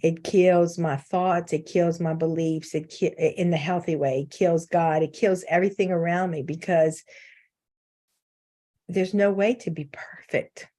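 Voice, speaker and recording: A woman's voice: lowish voice, fairly even intonation, measured pace, dark tone. Candid, joking middle-aged woman on a video call. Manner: candid, self-mocking, laughs often. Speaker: guest speaker. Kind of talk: informal faith talk.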